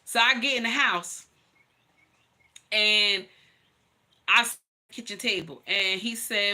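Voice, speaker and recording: A woman's voice: medium pitch, slow pace, long pauses, pushed and bright. A woman hosting a livestream and telling her own story to viewers, blunt, emphatic and profane, calling her listeners honey. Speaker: livestream host.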